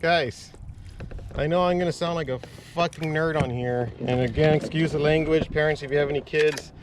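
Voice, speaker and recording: Excitable man vlogging from a kayak. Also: a little high, brisk, noisy background. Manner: excitable, swears often, talks to viewers. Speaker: fishing vlogger. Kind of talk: casual vlog narration. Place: on a kayak outdoors on the water.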